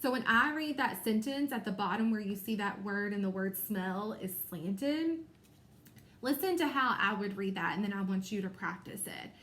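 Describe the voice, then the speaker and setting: A woman teacher giving a recorded reading lesson to young children, explaining clearly and encouragingly. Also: medium pitch, expressive, normal speed, fairly bright tone, reverberant.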